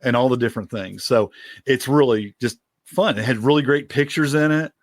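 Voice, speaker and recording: A man's voice: medium pitch, normal speed, no echo, clean studio sound. Easygoing man co-hosting a podcast. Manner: easygoing, rambling, laughs often. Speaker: podcast co-host. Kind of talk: casual chat.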